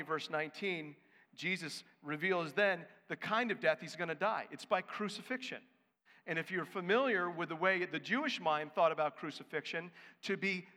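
Sex: man. Role: pastor. Style: sermon, emphatic and conversational. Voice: high. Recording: echoey hall. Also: bright, forceful tone.

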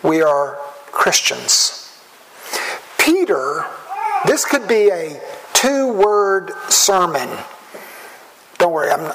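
Southern American male pastor, high and unhurried, earnest sermon delivery, faint noise behind. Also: a bit bright, poor audio. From southern United States. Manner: measured, slow and earnest, with drawn-out words. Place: church.

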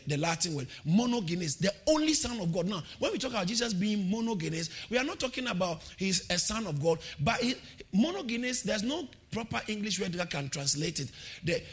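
A lively male preacher delivers a sermon in a high, ringing voice. His pitch leaps around as he calls out to the congregation and repeats his points in a sing-song way. The tone is bright and forceful. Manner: repeats phrases, laughs between points.

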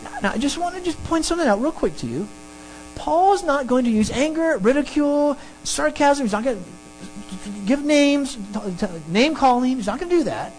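A pastor preaching a sermon and teaching through a Bible passage, emphatic and animated. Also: normal speed, a little hiss or hum, low-quality recording. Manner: animated, emphatic preaching with sudden pitch jumps.

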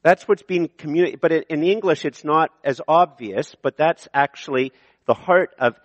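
A male pastor giving a sermon in an animated, conversational way, often correcting himself mid-sentence. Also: a little high, moderate pace, no echo, highs cut off.

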